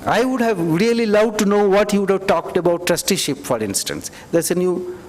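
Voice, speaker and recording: In a reverberant lecture hall, a man gives a university lecture with audience questions, reflective and conversational, often saying "you know." His voice sits high and is expressive, at a normal speed.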